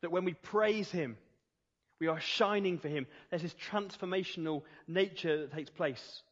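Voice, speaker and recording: Male preacher, sermon, emphatic, drawn-out stresses, church hall reverb, dull lo-fi audio. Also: sits high. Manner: earnest and emphatic, slows down to stress key phrases.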